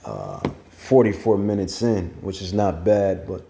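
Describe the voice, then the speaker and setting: A man's voice: sits low, big pitch swings, unhurried, creaky, dark tone. A man preaching and reading scripture at length, rambling and repeating phrases for emphasis, with features. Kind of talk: scripture teaching.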